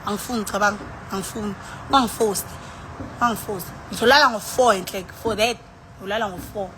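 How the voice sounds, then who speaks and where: This tipsy South African woman chats on a live stream through her phone, rambling and sighing as she hops between languages. She speaks fast in a medium-pitched voice that sounds pushed and bright. The audio carries a little hiss or hum.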